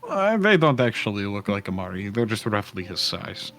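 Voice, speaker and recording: A man playing in a tabletop game, talking casually and hesitantly with many pauses. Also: fairly low pitch, sing-song, a bit bright, soft background music. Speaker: player.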